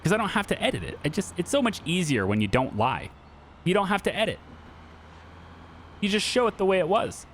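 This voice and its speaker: A man's voice: sits high, very animated, fairly quick, long pauses, a little hiss or hum. A man in his thirties chatting casually over gameplay, joking and sarcastic with his viewers. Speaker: gaming YouTuber.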